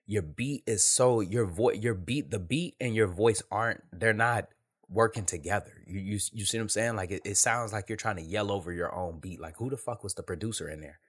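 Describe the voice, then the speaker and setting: A man's voice: on the low side, a little fast, a bit bright, breathy edge. A man hosting a podcast, talking in a blunt, candid monologue full of slang and repetition. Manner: candid, emphatic, street slang, repeats himself. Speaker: podcast host. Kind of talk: casual monologue.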